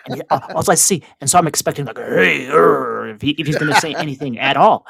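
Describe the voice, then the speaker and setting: A man co-hosting a casual podcast, telling a story in a halting, rambling way full of fillers and restarts. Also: on the high side, fairly bright tone, husky, no echo, clean studio sound. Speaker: co-host.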